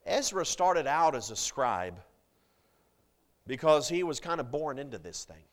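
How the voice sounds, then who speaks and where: Slow, dynamic male preacher. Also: big pitch swings. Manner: dynamic preaching with big swings in loudness and pitch, jokes with the congregation. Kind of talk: sermon.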